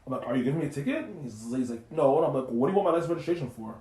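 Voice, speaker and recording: A man co-hosting a podcast, telling a story in animated, profane casual chat and acting out the quotes. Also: medium pitch, racing. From Canada. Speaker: podcast co-host. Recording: roomy echoey room.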